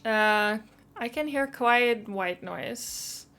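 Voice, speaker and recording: A woman's voice: a little high, very slow, fairly bright tone. Chatty self-conscious woman streamer. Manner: chatty, self-conscious, reads chat aloud. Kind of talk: casual live-stream chat.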